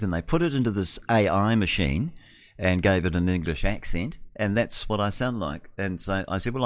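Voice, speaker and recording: A man's voice: sits low, no echo. A middle-aged man with a New Zealand accent hosting talk radio in a rambling, chatty way. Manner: rambling, chatty, with filler sounds. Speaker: radio host.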